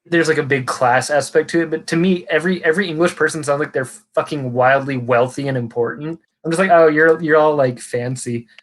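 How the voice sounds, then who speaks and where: A man's voice: on the high side, fast, hardly any pauses. A man with a Californian accent hosting a livestream chat, rambling with many restarts and casual swearing. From California, USA. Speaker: livestream host.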